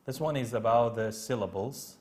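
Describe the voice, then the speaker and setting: A man's voice: mid-range voice, darkish tone. A man with a Kurdish accent, a native Kurdish speaker, teaching an English grammar lesson, explaining step by step and often checking in with "okay?". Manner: slow, repetitive explaining with many "okay?" checks.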